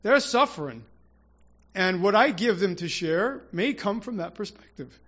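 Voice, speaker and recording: A man's voice: high voice, expressive, a little slow, fairly bright tone, muffled recording. A man preaching an informal, rambling sermon to his congregation, with prayerful asides and restarts. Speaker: church speaker.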